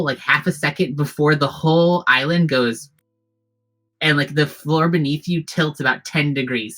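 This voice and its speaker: A tabletop game master narrating the scene in a loose, rambling way, circling back and restarting as the scene unfolds. The voice is bright and forward. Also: medium pitch, rough recording. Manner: rambling, heavy with fillers and restarts.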